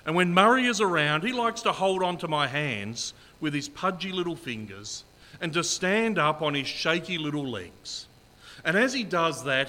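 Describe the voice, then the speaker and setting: A man's voice: fairly high pitch, bright, forceful tone, in a large hall. A middle-aged man preaching a sermon as pastor, earnest and emphatic, repeating key phrases.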